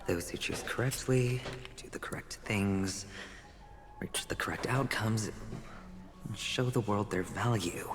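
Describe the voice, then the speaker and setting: An actor playing a confident young male gambler in a game cutscene, calm and measured. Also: on the low side, close to an everyday voice. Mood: reflective. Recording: reverberant game audio with loud music.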